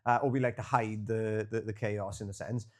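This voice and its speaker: Speaking at a moderate pace with a fairly even intonation, this young man has a lower-pitched voice. He co-hosts a podcast, meandering through travel anecdotes in casual conversation, swearing freely and leaning heavily on filler words.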